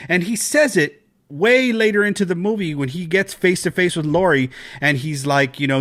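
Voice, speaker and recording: A man co-hosting a casual podcast, talking in an animated, excitable way and swearing freely. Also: moderate pace, few pauses. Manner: animated, excitable, swears, jumps to high pitch when quoting. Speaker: podcast co-host.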